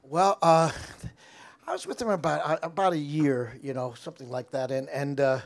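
An older American man telling stories from his music career in a casual interview, animated, laughing, with frequent restarts. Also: on the high side, moderate pace, gravelly.

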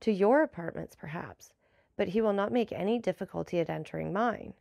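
A woman reading the lines of a calm, commanding nobleman in an audiobook, measured and slightly ironic. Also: mid-range voice, vocal fry, dry recording, dull audio, lightly acted. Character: commanding, enigmatic nobleman, the Count.

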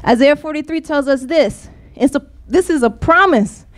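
A woman gives a passionate church sermon in a strikingly high voice. She presses her points by circling back to the same refrains again and again. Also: animated, normal speed. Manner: impassioned, repeating refrains. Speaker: preacher.

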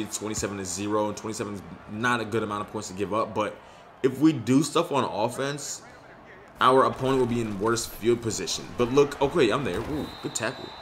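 A young man talks through his own video game in loose, slangy commentary. He gets excited over big plays and frustrated when things go badly. Faint background noise sits under his mid-pitched voice. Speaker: gaming YouTuber. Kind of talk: casual gameplay commentary.

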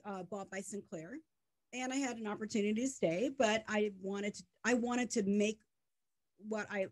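Middle-aged woman founder, interview guest, emphatic and animated, mid-range voice. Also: medium pitch. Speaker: media tech startup co-founder, guest. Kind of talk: conversational interview.

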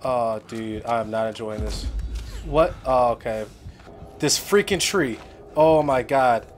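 In this let's-play of a horror game, a young man with a mid-range, expressive voice speaks slowly over faint music. He's jumpy and talkative, chatting casually and often letting out exclamations.

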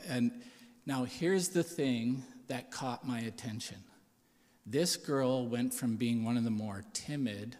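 A man on a church's staff, telling personal testimony stories in an animated way and acting out the lines of the people in them. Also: mid-range voice. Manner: animated storyteller, acts out quotes. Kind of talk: testimony storytelling. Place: church sanctuary. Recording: long hall reverb.

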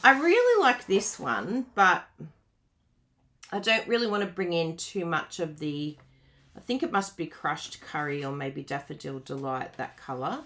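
A woman's voice: fairly low pitch, big pitch swings, measured pace, a bit bright. A woman demonstrating card-making live, chatting with viewers, laughing often and reading out their comments. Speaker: craft demonstrator.

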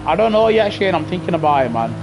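A man's voice: high voice, sing-song, fast talker, highs cut off, over music. A man with a British accent chatting casually to his live chat while racing, rambling and chuckling as he talks into a gaming headset. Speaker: live-streaming sim racer. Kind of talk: casual live-stream chat over gameplay.

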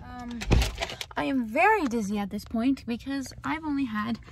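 A woman's voice: on the high side, normal speed, background noise. A young adult woman vlogging casually from her car, chatty and self-deprecating, often laughing at herself. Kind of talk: casual vlog chat. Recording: background music under voice.

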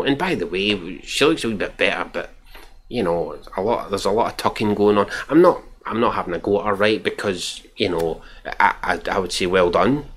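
Scottish dude w a lowish voice, sweary mocking commentary reacting to tweets. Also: male voice. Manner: mocking, profane, chuckling. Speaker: commentary channel host.

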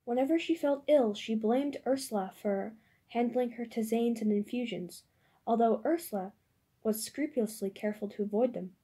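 A woman reading a novel aloud as an audiobook narrator, in a steady, measured way. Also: on the high side, breathy edge.

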